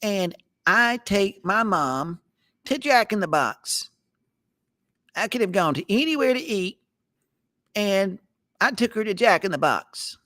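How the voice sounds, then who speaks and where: A man putting on a whiny, high-pitched boyish voice to mock a friend, with a nasal singsong giggle. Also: big pitch swings, slow, pauses often, sharp tone, dry recording, studio quality, exaggerated voice.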